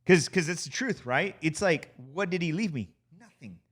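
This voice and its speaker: A man who is a guest on a podcast, chatting casually in a studio, an animated storyteller who swears freely. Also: fairly high pitch, normal speed.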